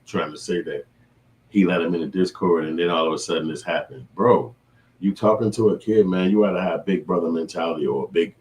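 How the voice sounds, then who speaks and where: A man hosting a reaction commentary, talking in an indignant, lecturing way. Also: low-pitched. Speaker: commentary host.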